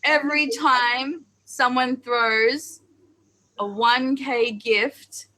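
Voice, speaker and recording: A woman co-hosting a live-stream chat show, calmly explaining the rules and reading out the questions. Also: high voice, very slow, low-quality recording. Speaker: co-host and moderator.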